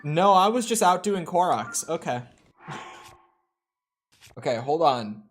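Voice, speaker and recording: A young man chatting to himself while he plays, circling back and restarting his sentences as he thinks out loud. His voice sits a bit on the high side, with faint music running in the background. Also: very animated, slow pace. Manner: rambling, self-talk with frequent restarts. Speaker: streamer. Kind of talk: casual gameplay commentary.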